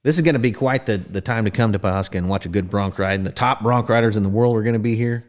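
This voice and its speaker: A man's voice: on the low side, quick pace. A man hosting a podcast in casual chat, folksy and rambling in how he talks. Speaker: podcast host.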